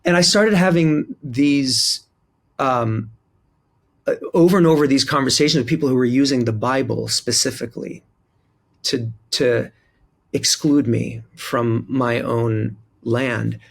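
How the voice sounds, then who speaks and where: A man from Jerusalem, a pastor and guest, telling stories from his life earnestly, with wry asides and many pauses. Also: medium pitch, vocal fry. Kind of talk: reflective conversational storytelling.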